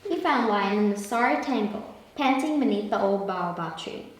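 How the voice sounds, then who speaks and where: A woman hosting a children's story read-aloud with an expressive, animated delivery, recorded from a distance in an echoey room. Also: medium pitch, normal speed. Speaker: storybook reader, host.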